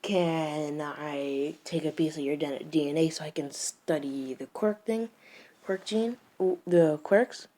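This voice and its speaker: A woman's voice: medium pitch, expressive, moderate pace, warm tone, slight background noise, pitched above the performer's own voice, natural voice. Tony Stark, as a woman puts him on. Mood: eager. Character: brash genius inventor man, curious.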